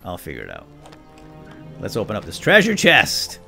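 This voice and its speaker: A man giving excitable, jokey commentary while playing a video game. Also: lowish voice, moderate pace, creaky, soft background music. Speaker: let's play gamer. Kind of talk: casual gameplay commentary.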